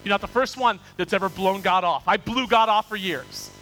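A man's voice: high-pitched, brisk, few pauses, pushed and bright, low-quality recording. A male pastor preaching a sermon, acting out people's excuses in quoted voices and reading scripture aloud.

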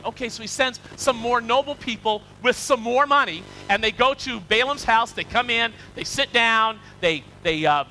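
A man preaching a storytelling sermon, animated and conversational, with repeated words and asides to his listeners. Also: extremely high pitch, moderate pace, hardly any pauses, a little hiss or hum, low-quality recording.

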